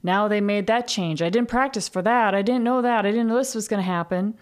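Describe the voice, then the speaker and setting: A woman's voice: medium pitch, a little fast, clear, resonant tone. A woman hosting a podcast, talking in a candid casual monologue, swearing freely and laughing at herself. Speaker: podcast host.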